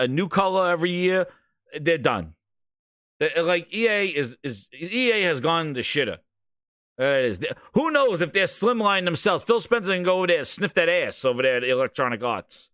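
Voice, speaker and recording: A man hosting a casual livestream, ranting about games in a profane, excitable way with frequent laughter. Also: fairly high pitch, clear, resonant tone, no echo, clean studio sound. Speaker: gaming news streamer.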